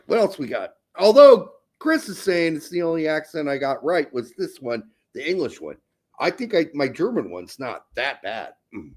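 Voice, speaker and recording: A man co-hosting a casual soccer podcast, animated, jokey and swearing freely. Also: fairly high pitch. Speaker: podcast co-host. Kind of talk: casual sports chat.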